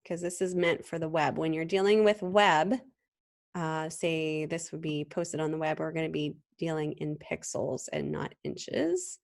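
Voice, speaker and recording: A woman teaching a design class in a screen-recorded software tutorial, talking in a relaxed, conversational way with frequent ums and restarts. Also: low voice, unhurried, creaky. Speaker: design instructor.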